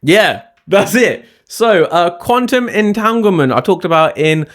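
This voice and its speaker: A man talking straight to camera in a chatty, emphatic vlog, often checking in with a quick "yeah?". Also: high voice, lively intonation, fairly bright tone. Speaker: spiritual science vlogger. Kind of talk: casual talking-head vlog.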